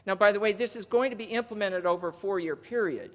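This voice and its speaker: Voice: mid-range voice, fast talker. Speaker in a reverberant hall. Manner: chatty, reading out donor names and counting down. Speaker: union legislative presenter. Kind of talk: conference speech. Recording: long reverb of a large hall.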